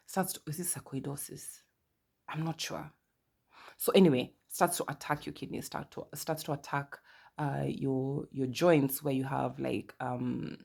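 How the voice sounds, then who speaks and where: A woman from Kenya with a Kenyan accent, in her thirties, hosting a casual podcast and telling stories with lively asides. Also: deep voice, creaky, breathy edge. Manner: chatty, animated storytelling with asides and quoted dialogue. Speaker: podcast host. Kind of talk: casual personal monologue.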